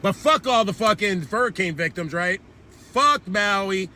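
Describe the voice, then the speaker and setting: A man with a strikingly high, very bright and cutting voice delivers a furious, profanity-laced rant. He speaks as the host of his own commentary channel, heated and relentless. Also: expressive, unhurried, slight background noise. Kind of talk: angry political rant.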